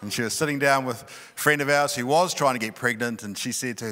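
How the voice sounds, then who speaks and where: A middle-aged male pastor telling a personal story in a sermon, animated and often laughing. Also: medium pitch, quick pace, hardly any pauses. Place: large church hall. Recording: long reverb of a church hall.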